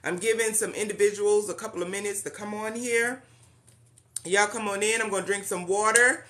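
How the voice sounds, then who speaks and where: Bright-voiced woman hosting a live stream. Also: medium pitch, fairly even intonation, moderate pace. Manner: warm and chatty, greets viewers by name; uses Southern-style "y'all". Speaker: host of a live-stream blessing meeting. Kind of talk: casual live-stream greeting viewers.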